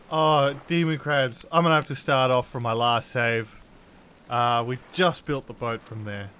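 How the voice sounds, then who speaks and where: A man giving casual let's-play commentary as host of his channel, jumpy and quick to exclaim at every scare. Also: mid-range voice, fairly bright tone, clear, resonant tone.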